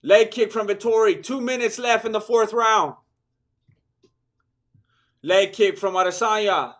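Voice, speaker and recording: A high-pitched, hoarse man calls a fight live. His tired voice sounds worn out, but he stays excitable and joking and throws in Spanish slang. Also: unhurried. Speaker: fight watch-along host.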